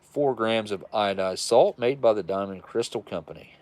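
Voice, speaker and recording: A man's voice: fairly low pitch, lively intonation, normal speed, a little mellow. A man hosting a casual livestream, reviewing old military rations and chatting with viewers in a folksy, self-described redneck way.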